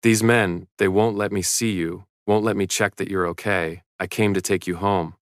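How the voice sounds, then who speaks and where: A manipulative drunk father who slurs and insists on his rights, voiced by a man. The voice sits deep and low, clear and dry. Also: steady tone, normal speed, no echo, close to an everyday voice. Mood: insistent. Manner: slurred, pleading, insistent.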